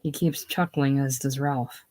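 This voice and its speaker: A person casually reading a stage play aloud, giving the stage directions in a plain, unhurried way. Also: mid-range voice, steady tone, darkish tone. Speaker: reader.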